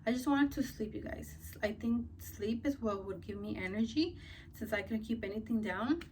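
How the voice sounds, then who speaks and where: A woman's voice: on the high side, moderate pace, darkish tone, distant mic, slight background noise. A young woman vlogger telling a casual story, chatty and full of "like" and "um", a little out of breath. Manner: chatty, many fillers like "like" and "um".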